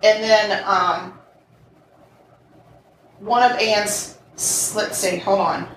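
A woman co-hosting a podcast, telling a true crime case in casual chat that is animated, blunt and peppered with crude jabs. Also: mid-range voice, very slow. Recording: roomy and distant with faint noise.

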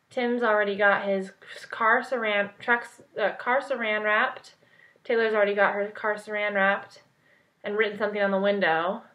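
A young woman vlogging, telling a story in an excited, rambling way full of "like". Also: fairly high pitch. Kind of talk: casual storytelling vlog. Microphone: point-and-shoot camera mic. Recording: dull lo-fi camera audio.

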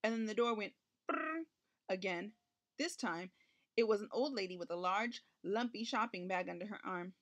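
A woman reading a children's picture book aloud, narrating gently and lifting her voice for the characters' lines. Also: mid-range voice, moderate pace. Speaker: storybook reader.

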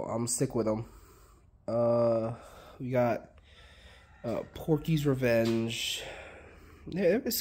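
Hoarse guy in a mid-range voice, loose and profane, chatting off the cuff. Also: medium pitch, a little mellow. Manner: rambling and profane. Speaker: fireworks collector. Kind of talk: casual chat.

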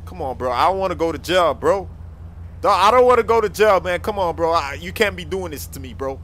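A man playing a whiny pulled-over driver, high and bright. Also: lively intonation, brisk. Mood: pleading. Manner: pleading and complaining, calls everyone bro.

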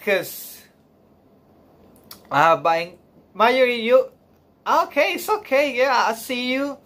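This man is reacting on a live stream and sounds on the verge of crying. He gushes haltingly, with lots of fillers, sighs and laughs, in a high, slightly bright voice.

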